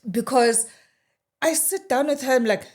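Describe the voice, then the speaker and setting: An animated South African woman in her thirties shares her story as a podcast guest. She switches easily between English and Zulu phrases and acts out the voices of the people she quotes. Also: sits high, normal speed. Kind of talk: casual storytelling interview.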